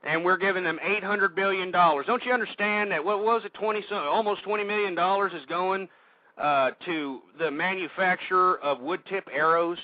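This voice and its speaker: A man hosting a radio show, ranting angrily and shouting insults at his listeners. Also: sits high, moderate pace, no echo, phone-quality sound. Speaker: radio host. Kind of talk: angry political rant.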